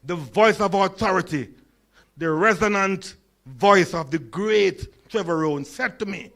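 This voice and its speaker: A man's voice: sits high, moderate pace, fairly bright tone. A Jamaican man in his sixties with a stutter and lisp, giving a humorous conference talk with stories and questions to the audience. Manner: storytelling, engages audience with questions. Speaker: conference speaker.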